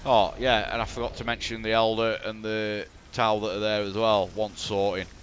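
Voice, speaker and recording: A man with a broad Yorkshire accent talks over a replay of his own game, blunt and exasperated, with plenty of swearing. His voice sits low, but its tone is bright and forceful. Faint noise runs underneath. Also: flat delivery, moderate pace. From Yorkshire, England. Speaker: gaming commentator. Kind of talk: casual game replay commentary.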